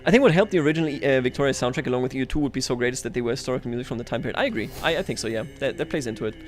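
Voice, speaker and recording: A man's voice: mid-range voice, very fast, faint music behind. A man livestreaming a strategy game, talking casually to his chat, self-mocking and chuckling often. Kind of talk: casual gameplay commentary.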